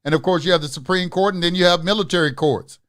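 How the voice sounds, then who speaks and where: High-voiced man ranting in a live class. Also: quick pace. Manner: profane, preachy, swings from loud ranting to muttering. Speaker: instructor of an online class. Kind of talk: live online lecture.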